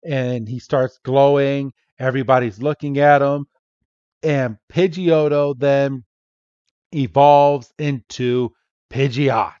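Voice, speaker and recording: Slow-talking man recapping a cartoon. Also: medium pitch, fairly even intonation, a little mellow, clear, resonant tone, dry recording, lo-fi sound. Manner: playful, acts out the characters' lines. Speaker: podcast host. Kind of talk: casual episode recap.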